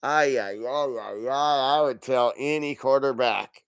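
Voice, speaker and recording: A man's voice: medium pitch, measured pace, smooth, no echo, studio quality. Profane, exasperated man ranting. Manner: angry, profane, exasperated, laughs in bursts. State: congested from allergies. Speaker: podcast host. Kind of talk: profane sports rant.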